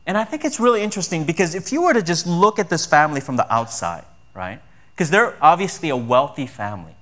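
Male pastor, slightly higher voice, chatty sermon delivery with rhetorical questions. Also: big pitch swings, fast, fairly bright tone. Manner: conversational preaching with rhetorical questions.

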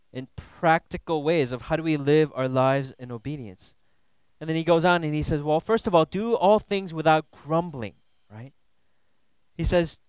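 A man's voice: fairly high pitch, darkish tone, smooth, no room sound. A man preaching a conversational Bible teaching sermon, casual and playful, tossing in "you know" and "right?" asides. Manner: playful, laughs at his own jokes.

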